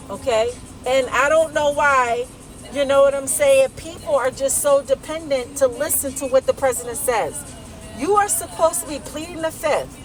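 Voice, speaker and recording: Woman, high and heated, swearing lecture to a phone from her car seat; vlogger rant. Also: poor audio. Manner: profane, heated, lecturing, keeps tagging "okay?". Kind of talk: casual rant to camera. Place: inside a parked car.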